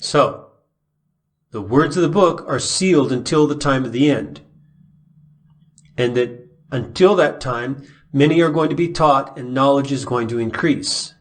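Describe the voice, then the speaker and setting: A man in the middle of a Bible lesson, reading a passage and then unpacking it line by line. He asks the listener questions as he goes, in a voice of ordinary male pitch. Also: unhurried, long pauses. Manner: explains verses with questions to the listener. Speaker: Bible teacher. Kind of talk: verse-by-verse Bible teaching.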